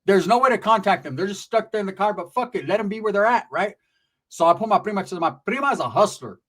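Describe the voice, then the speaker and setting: A man's voice: high-pitched, lively intonation, fast, a bit bright. A man telling a rambling, profane story in a streetwise way, often checking in with "right?".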